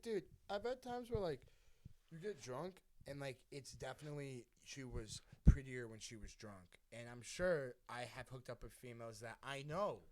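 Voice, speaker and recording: A man's voice: mid-range voice, a little mellow, no room sound. A young man co-hosting a podcast, telling a rambling, swear-heavy story in casual chat and laughing often. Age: young adult. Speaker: podcast co-host.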